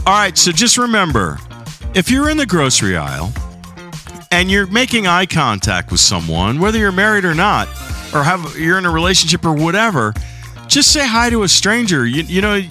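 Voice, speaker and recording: A middle-aged man hosts a casual solo podcast, rambling, chatty and self-deprecating, with a slight lingering cough. His voice is a little high, pushed and bright.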